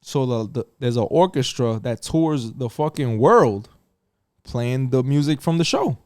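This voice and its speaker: A man's voice: mid-range voice, expressive, unhurried, a little mellow, no room sound, clean studio sound. A middle-aged man with a New York accent, telling a story in casual podcast chat, swearing often and acting out the other voices. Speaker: podcast co-host.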